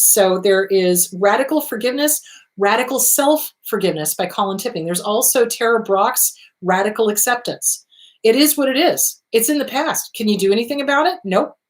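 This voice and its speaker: A woman counselor hosting a show, giving blunt, emphatic advice in a lively, direct way. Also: a little high.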